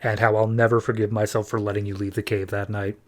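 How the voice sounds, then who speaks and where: Guy doing a soft sad old butler, low and gentle. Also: little pitch movement, quick pace, close to an everyday voice. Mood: tender.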